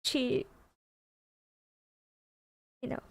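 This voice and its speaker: A woman content creator making a public apology, hesitant and halting, saying sorry again and again. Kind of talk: apologetic stream statement.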